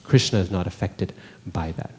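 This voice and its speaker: A man's voice: sits low, moderate pace, darkish tone, big-room sound. A man teaching a scripture class in a conversational way, often putting rhetorical questions to the listeners. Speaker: religious teacher. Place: temple hall.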